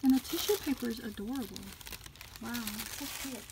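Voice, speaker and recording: A woman chatting casually as she unboxes craft gifts on her vlog, gushing with delighted exclamations and often dropping to a soft, near-whispered voice. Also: fairly high pitch, brisk, background noise. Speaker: craft vlogger unboxing a gift swap.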